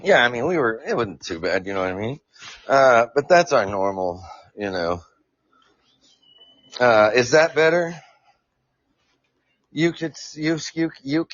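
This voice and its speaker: A man's voice: medium pitch, animated, measured pace, pauses often, dull audio. A man hosting a live podcast, explaining science casually, stumbling over words and joking with his chat. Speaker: podcast host. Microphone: new earphones mic.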